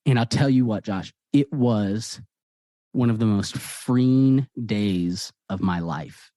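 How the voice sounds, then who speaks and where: A man, a guest author, telling personal stories in a lively conversational way and acting out the dialogue. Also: fairly low pitch, takes it slowly, dry recording, studio quality. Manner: animated, acts out quoted dialogue. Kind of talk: conversational storytelling.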